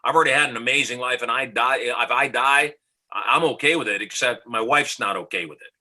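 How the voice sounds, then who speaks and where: On a podcast, a middle-aged motivational speaker from the United States narrates a story with confidence, performing the dialogue himself. He talks a little fast with a sharp, medium-pitched voice over poor audio.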